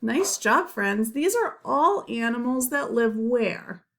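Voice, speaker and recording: A woman teaching young children in a slow, simple way, gentle and encouraging, naming farm animals. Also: a little high, very animated.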